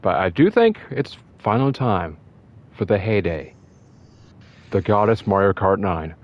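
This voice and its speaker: A man co-hosting a casual gaming chat, rambling and excitable, often breaking into laughs. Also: fairly low pitch, unhurried, lo-fi sound. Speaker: podcast co-host.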